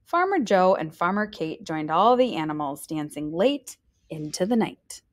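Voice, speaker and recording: A woman reads a children's picture book aloud to young listeners. Her pitch swings widely and brightly as she leans into each line. She slips into little voices for the animals as she goes. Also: moderate pace. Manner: lively, expressive reading with voices. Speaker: teacher reading aloud. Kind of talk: storybook read-aloud.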